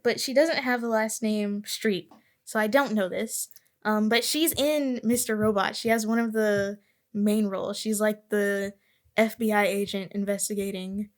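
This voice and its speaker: A young woman hosting a podcast in casual chat, rambling and correcting herself as she goes. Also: medium pitch. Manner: chatty, rambling, self-correcting. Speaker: podcast host.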